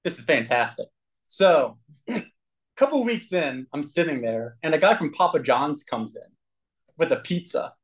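A man's voice: on the high side, animated, normal speed, poor audio. Earnest man telling his recovery story. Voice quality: frequent throat clearing. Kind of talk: personal testimony to a group.

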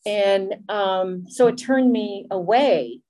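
A woman's voice: medium pitch, slow pace, dark tone, low-quality recording. A woman giving a candid, self-deprecating personal testimony about her recovery. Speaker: speaker sharing a recovery story.

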